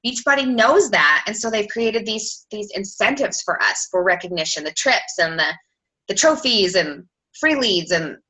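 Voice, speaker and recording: A woman in her thirties giving casual coaching talk on a team call, chatty and quick, full of "like" and acted-out quoted messages. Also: mid-range voice, animated, pushed and bright, poor audio. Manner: fast, chatty, lots of "like", acts out quoted messages.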